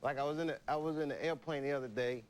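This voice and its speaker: A man's voice: a little high, fast talker, noisy background. A young adult man, a comedian, telling loose anecdotes on a talk show and laughing at his own jokes. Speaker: comedian guest.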